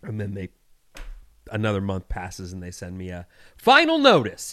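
Animated, exasperated male podcast co-host. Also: fairly low pitch, unhurried, pauses often. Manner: animated, exasperated, swears, does voices. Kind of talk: casual chat, storytelling.

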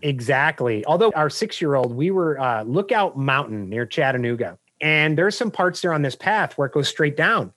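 A man who is a business coach, a guest on a podcast, telling anecdotes in an energetic, animated way. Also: fairly high pitch, moderate pace, hardly any pauses, no echo. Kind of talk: podcast interview storytelling.

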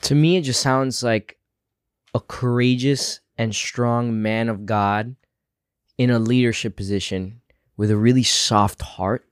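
A man's voice: medium pitch, fairly even intonation, measured pace, clean tone, no echo. A man with a mid-range voice reflects earnestly on faith, drawing lessons in a casual, sincere way. The recording is dry and close, with no room sound. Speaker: podcast co-host. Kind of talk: casual Bible discussion.

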